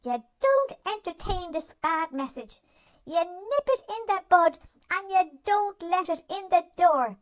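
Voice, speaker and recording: A performer voicing a gentle, caring wise dog in a cartoon, giving soothing self-help narration straight to the listener. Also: very high-pitched, expressive, a little slow. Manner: soothing, reassuring, speaks to the listener directly.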